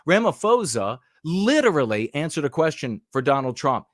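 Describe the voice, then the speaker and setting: A man's voice: fairly high pitch, big pitch swings, normal speed, dry recording. Heated, emphatic male commentator, dry sound. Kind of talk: podcast commentary over clips.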